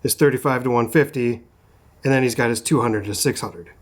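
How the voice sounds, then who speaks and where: A young man from Minnesota, hosting an outdoor chat about camera gear, relaxed and full of filler words. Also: mid-range voice, brisk. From Minnesota, USA. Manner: relaxed and chatty, with lots of fillers like "like" and "um". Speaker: host, photographer. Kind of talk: casual chat reviewing a lens. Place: outdoors at a rocky sunset spot. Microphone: compact shotgun mic on camera.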